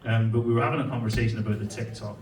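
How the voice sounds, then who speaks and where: An Irish stand-up comedian in his forties tells stories and banters brashly, with plenty of swearing, on a comedy venue stage. His lowish, steady voice races along, picked up from afar in an echoey hall with audience laughter.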